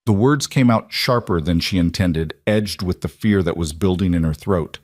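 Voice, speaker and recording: A man's voice: sits low, normal speed, no echo, clean studio sound. A man voicing a refined young woman in her twenties who is fearful and insistent. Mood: demanding. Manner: sharp, pleading delivery.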